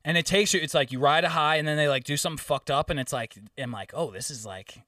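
A young man with a bright, forceful voice, chatting casually on a podcast and telling animated stories full of jokes and swearing. He sounds a little set back from the mic in a dry, dead-sounding space. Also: a little high, fast talker, dry recording, recorded from a distance. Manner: joking, profane, animated storytelling. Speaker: podcast co-host. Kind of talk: casual chat.

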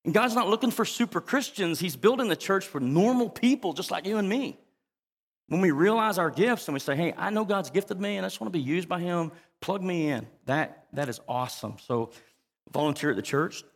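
A man's voice: high voice, lively intonation, normal speed, long reverb tail. A man preaching a sermon to his congregation as pastor, emphatic and often asking the crowd to respond. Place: church.

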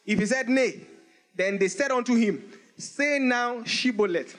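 With a very high-pitched voice and an unhurried delivery, a male pastor gives an energetic sermon. He reads scripture in archaic English and breaks into laughter frequently.

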